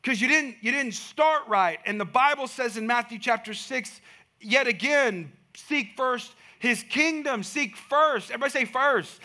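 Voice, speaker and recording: A man preaching a sermon, telling a lively personal story and building to emphatic, rising points. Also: very high-pitched, normal speed. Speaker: pastor.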